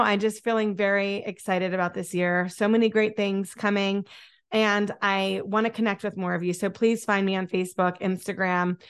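A woman's voice: mid-range voice, smooth. A woman hosting a motivational podcast, talking in an upbeat, encouraging way and often repeating words for emphasis. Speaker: podcast host. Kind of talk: motivational solo podcast talk.

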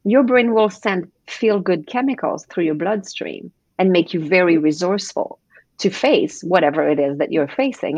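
Animated woman coach, husky voice. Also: fairly low pitch, no echo, dull audio. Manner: animated, acts out quoted voices. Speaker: guest coach. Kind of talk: podcast interview.

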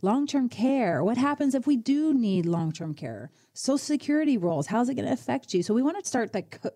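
A woman's voice: fairly high pitch, big pitch swings, fairly quick, mellow. A woman hosting a radio show as a financial advisor, coaching listeners in a direct, conversational way. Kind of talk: conversational radio advice talk.

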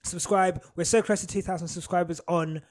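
A young man co-hosting a casual podcast, slangy and given to loud bursts. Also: high voice, steady tone, brisk. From Britain. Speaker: podcast co-host.

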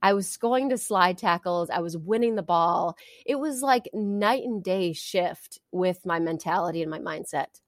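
A woman's voice: fairly low pitch, unhurried, few pauses, no echo, studio quality. A middle-aged woman guest in an interview, telling an earnest story with many fillers and restarts. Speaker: interview guest, sport psychology coach.

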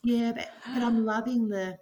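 A woman's voice: on the high side, fairly even intonation, moderate pace, highs cut off, crowd noise. A middle-aged woman speaking as an interview guest, earnest and enthusiastic, reflecting on her business and her life. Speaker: guest, business owner and author. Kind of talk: podcast interview.

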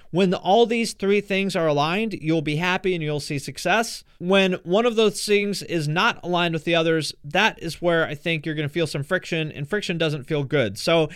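Man, podcast host; candid and conversational, clear tone. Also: high voice, a bit bright, no room sound, studio quality. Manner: frank, conversational, swears casually. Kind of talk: casual podcast chat and listener advice.

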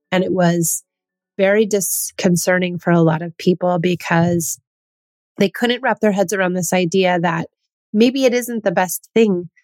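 A woman in her thirties hosting a solo podcast, explaining her views in an earnest, gently persuasive way. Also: lowish voice, dry recording. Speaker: podcast host.

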